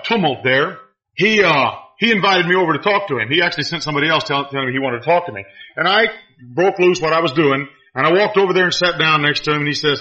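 A man preaching a sermon, telling a story with big swings between loud exclamations and quiet asides, in a dull lo-fi recording. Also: high-pitched.

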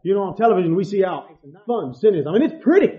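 A man preaching a sermon with passion, swinging between loud outbursts and hushed asides. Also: high-pitched, sing-song, fast talker. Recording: dull lo-fi sound.

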